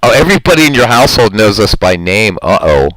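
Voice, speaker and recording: A man's voice: on the low side, sing-song, fast talker, a bit bright, dry recording, poor audio. A man hosting a live stream in casual chat, talking in an earnest, rambling, heartfelt way and answering his viewers' comments.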